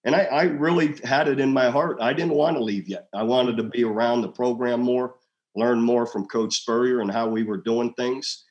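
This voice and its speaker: A former head coach in his sixties tells stories in a casual interview, his mid-range voice at normal speed on dull-sounding audio. He's an animated storyteller who raises his voice to act out quoted dialogue.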